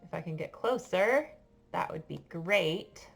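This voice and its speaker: American lady french teacher chatting to her class, deep voice w some vocal fry, lots of ums. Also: animated, faint music behind. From United States. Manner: chatty, halting with many fillers and laughs. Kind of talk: casual storytelling to a class.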